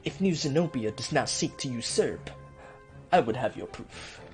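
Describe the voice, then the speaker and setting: A man voicing a pompous, scheming middle-aged duke in a game let's play, with a nasal, weaselly twang and formal, drawn-out courtly speech. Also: medium pitch, expressive, soft background music, lightly acted.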